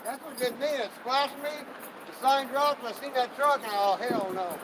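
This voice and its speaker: A man walking along a city street with a friend, chatting in a rough, profane and boastful way. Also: extremely high pitch, moderate pace. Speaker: companion at a street protest. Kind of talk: casual chat while walking. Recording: noisy outdoor street with traffic.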